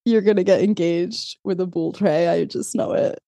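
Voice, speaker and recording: A woman's voice: lowish voice, normal speed, creaky, warm tone, dry recording. A woman co-hosting a podcast in casual chat. She swears freely, laughs often, and talks in loose, rambling stretches. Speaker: podcast co-host.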